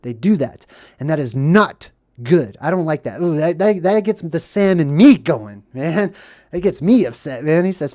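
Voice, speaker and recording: A man's voice: a little high, lively intonation, moderate pace, a little mellow, no echo, clean studio sound. A man hosting film commentary in an earnest, preachy way, often checking in with "right?" and "okay?". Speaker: host.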